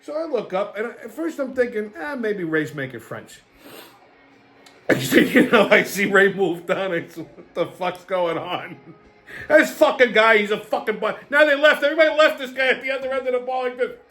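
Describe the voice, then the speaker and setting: A man's voice: very high voice, fairly quick, fairly bright tone, soft background music. A man hosting his own show, telling a story as a profane, heated rant. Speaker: host. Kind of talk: casual ranting monologue.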